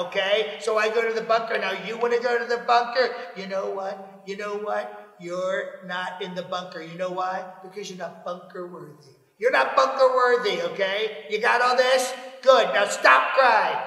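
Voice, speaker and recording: An actor playing a boastful, petulant president hiding in a bunker, in a comedic impression that keeps repeating itself and whining. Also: male voice, high voice, bright, forceful tone, very echoey, big-room sound, distant mic, full character voice, rough recording. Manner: boastful, repetitive, whiny.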